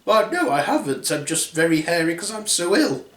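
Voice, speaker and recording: A man's voice: on the high side, sing-song, normal speed, a bit bright, pitched above the performer's own voice. Man doing a crude big bad wolf. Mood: sly. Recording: roomy echo.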